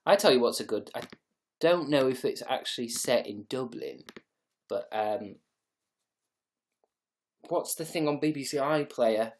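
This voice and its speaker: A man's voice: medium pitch, lively intonation, a little slow, long pauses, a little mellow. Sweary, sarcastic male livestreamer. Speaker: livestream host. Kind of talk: casual livestream chat.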